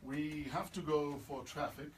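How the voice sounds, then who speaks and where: A man's voice: on the high side, fairly even intonation, a little slow, far from the mic, slight background noise. A man hosting a breakfast radio show with upbeat, jokey banter. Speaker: radio host. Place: radio studio.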